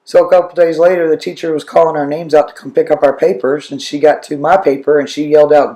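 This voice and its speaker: Man, North Carolina accent, relaxed storyteller, dark tone, echoey room. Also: on the high side, brisk. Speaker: interviewee.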